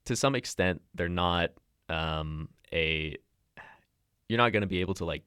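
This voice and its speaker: Deep-voiced young man, hesitant. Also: unhurried, sharp tone, clean tone, no room sound, clean studio sound. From Canada. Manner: thoughtful, hesitant, many fillers. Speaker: guest. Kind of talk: casual podcast chat.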